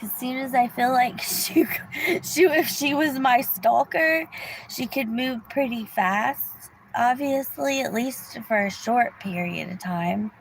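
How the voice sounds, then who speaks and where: A woman talks slowly to her viewers from her car, her voice gravelly with fry. She rambles and restarts her sentences, sometimes slipping into a whisper. Faint background noise sits under the phone recording. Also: on the high side, rough recording. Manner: rambling, restarts often, drops to a whisper at times. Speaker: vlogger. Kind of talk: casual storytelling to viewers. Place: car in a parking lot.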